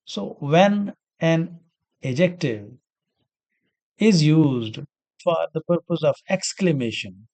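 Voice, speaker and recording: A man's voice: a little high, expressive, slow pace, pauses often, darkish tone. A man lecturing on grammar, working through example sentences and asking himself questions before answering them. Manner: repeats key words and asks himself questions. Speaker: English grammar teacher. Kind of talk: explaining grammar examples step by step.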